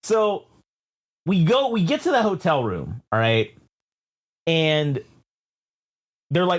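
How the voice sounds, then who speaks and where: A podcast co-host tells a rambling, profane story, swearing constantly and restarting often. His slightly high voice is animated, moving at normal speed with frequent pauses.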